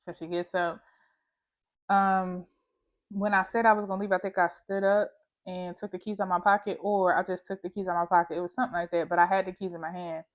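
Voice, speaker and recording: A woman's voice: fairly low pitch, flat delivery, fairly quick. A woman vlogger telling a personal story in a candid, slangy, emphatic way, talking straight to the viewer. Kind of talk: casual storytime monologue.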